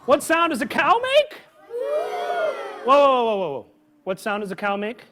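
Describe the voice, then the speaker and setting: A man hosting a live children's story time, talking with animated energy and calling out questions for the kids to answer. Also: very high voice, normal speed, raised voice, crowd noise, noisy background. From Midwest farm upbringing. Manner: animated, call-and-response with children. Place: public library event with a live audience.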